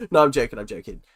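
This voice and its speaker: A young man from London runs a livestream, answering chat comments he reads out with self-deprecating, teasing humor and plenty of ums. His voice is mid-range and a bit bright.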